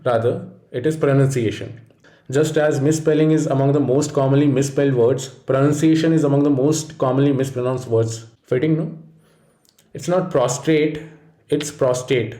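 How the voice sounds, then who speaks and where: A man reads out a pronunciation lesson, steady and explanatory. His voice is mellow and dark. The room around him is echoey. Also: medium pitch. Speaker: pronunciation teacher. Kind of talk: scripted instructional narration.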